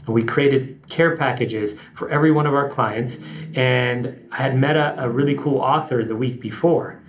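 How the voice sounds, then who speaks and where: A man's voice: medium pitch, moderate pace, reverberant, highs cut off. A man being interviewed as a company CEO, telling stories in a casual podcast chat and acting out other people's lines as he goes. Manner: animated storyteller, acts out quotes. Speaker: guest CEO.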